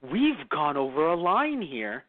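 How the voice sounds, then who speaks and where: Animated man on a tinny line. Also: measured pace, no echo. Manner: animated, swears, acts out quotes in big high voices. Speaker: podcast co-host. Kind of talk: casual chat. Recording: tinny phone-like sound, dry.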